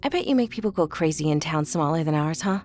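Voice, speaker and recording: A woman's voice: low-pitched, expressive, quick pace, darkish tone, faint music behind. An actress playing a skeptical, blunt young woman in an audio drama, impatient and mocking. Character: skeptical, brash young woman, older sister.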